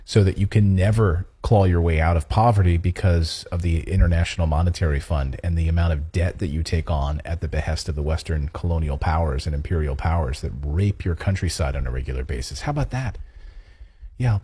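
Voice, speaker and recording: A man's voice: sits low, a little fast, few pauses, breathy edge. A man co-hosting a political talk show, speaking sarcastically and mocking officials as he reads and comments. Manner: mocking, animated, quotes officials in exaggerated voices. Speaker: podcast co-host.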